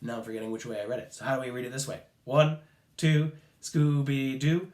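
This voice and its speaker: A man's voice: mid-range voice, fairly even intonation, rapid-fire. A man teaching a children's music lesson, upbeat and counting off rhythms for the class to chant along. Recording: echoey room.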